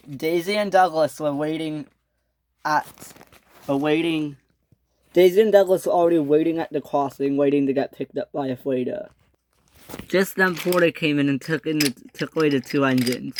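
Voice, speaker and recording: A young man, likely a boy, narrating an improvised toy train story, excitable, with frequent restarts and loud screams for the characters. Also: fairly high pitch, moderate pace, a little hiss or hum.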